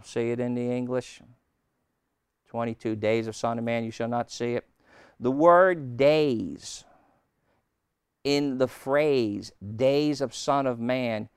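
Male preacher teaching slow, smooth clear voice, dry sound, punches words hard. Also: mid-range voice, no echo. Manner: slow, emphatic teaching with sudden loud stresses. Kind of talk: sermon teaching. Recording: old taped sermon.

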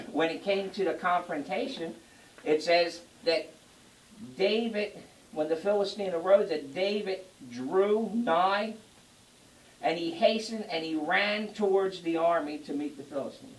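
A preacher delivering a sermon to a congregation, joking and rising to loud emphasis. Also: medium pitch, measured pace. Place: church before a congregation. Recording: roomy echo, distant mic, faint noise.

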